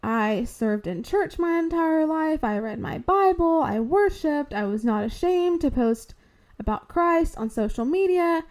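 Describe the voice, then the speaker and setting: A woman's voice: high voice, animated, a little mellow. A young woman telling her personal faith testimony in an earnest, heartfelt way, at times fighting back tears. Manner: earnest, heartfelt, slow and deliberate. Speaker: podcast host sharing testimony.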